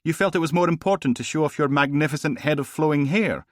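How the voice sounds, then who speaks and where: Male narrator putting on a posh scottish courtroom lawyer, mocking, sneering, pitched way up, dry sound. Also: fast talker, no room sound, lightly acted. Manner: mocking cross-examination. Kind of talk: audiobook reading.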